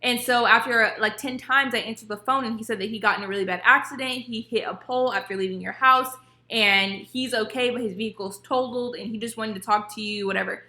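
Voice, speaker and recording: A young woman vlogger telling a personal story in casual, animated storytime style, acting out what others said. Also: on the high side, a little fast. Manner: animated, acts out quotes of others. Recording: echoey room.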